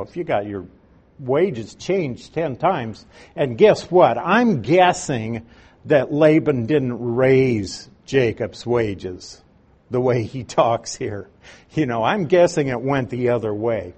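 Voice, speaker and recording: A man's voice: mid-range voice, dark tone, slightly rough. A man reading a scripture passage aloud and then explaining it verse by verse in a conversational teaching style, with folksy asides. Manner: homespun asides. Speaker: Bible teacher.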